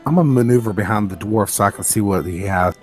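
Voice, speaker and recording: A man's voice: on the low side, fast, soft background music. A man playing a tabletop game, joking mischievously about his character's moves. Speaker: player.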